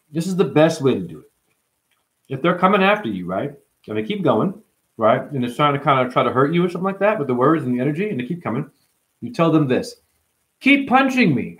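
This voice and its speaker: A man hosting a livestream, casually reading out chat comments and joking with viewers by name. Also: fairly high pitch. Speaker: livestream host.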